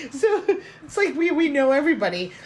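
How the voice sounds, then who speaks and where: A woman co-hosting a podcast, telling family stories in casual chat with frequent laughter. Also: sits high. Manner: laughing storyteller, acts out quotes. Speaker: podcast co-host.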